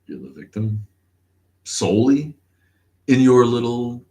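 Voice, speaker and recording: A man's voice: medium pitch, animated, takes it slowly, warm tone. A man hosting a casual livestream chat, sarcastic and profane, who laughs often. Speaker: podcast host.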